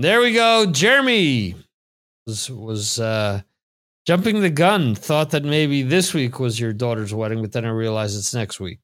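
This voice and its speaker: A man's voice: mid-range voice, a bit bright. A man hosting a live trivia stream, chatting casually into his computer microphone and reading viewer comments aloud in a rambling way. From United States. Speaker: trivia show host.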